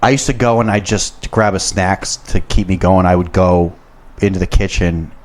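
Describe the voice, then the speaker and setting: A man's voice: low-pitched, moderate pace. A young man on a podcast, casually telling a long story in a profane, rambling way and getting worked up as he goes.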